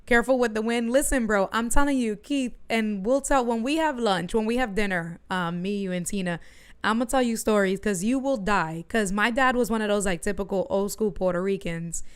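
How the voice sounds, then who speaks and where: A middle-aged woman streaming from her home studio, telling a story in an animated way and talking to her chat. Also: medium pitch, normal speed, clear, resonant tone. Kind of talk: casual livestream chat.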